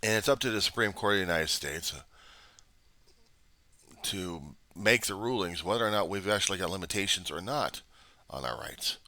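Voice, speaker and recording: A male vlogger with a low, pushed and bright voice and lively intonation delivers a political commentary monologue at normal speed, pausing often. He argues hard, fires off rhetorical questions, and acts out both sides. The recording is dry.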